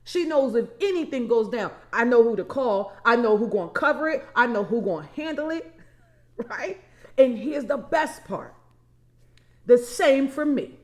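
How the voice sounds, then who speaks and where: High-voiced woman coach, emphatic and preachy. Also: expressive, a little slow. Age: 40s. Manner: emphatic, preachy, repeats key phrases, addresses listeners as y'all. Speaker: vision and empowerment coach. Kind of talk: motivational talk.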